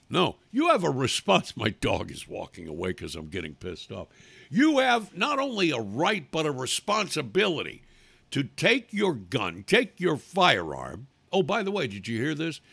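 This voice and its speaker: A man hosting a talk show, ranting angrily and profanely about politics, breaking into loud outbursts. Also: medium pitch, gravelly, husky, dry recording. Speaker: radio talk show host.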